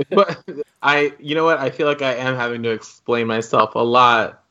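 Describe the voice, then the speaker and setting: A man's voice: mid-range voice, little pitch movement, unhurried, dull audio, crowd noise. A man chatting casually on a podcast, rambling and laughing often, swearing now and then. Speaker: podcast co-host.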